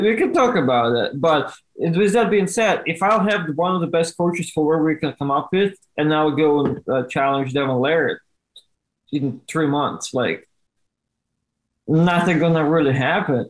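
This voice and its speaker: Earnest man explaining things, slightly high voice. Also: normal speed, poor audio. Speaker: guest commentator. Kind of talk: casual conversation.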